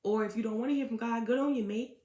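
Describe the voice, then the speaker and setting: A woman's voice: fairly high pitch, fast, mellow. A woman tarot reader talking in a casual, chatty vlog, full of "um" and "okay?" asides. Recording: echoey room.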